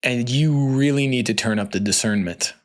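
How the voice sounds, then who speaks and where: A man's voice: medium pitch, normal speed. Chatty man hosting a solo podcast. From United States. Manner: loose and conversational, heavy on "like" and "you know". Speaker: podcast host. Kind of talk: candid solo podcast talk.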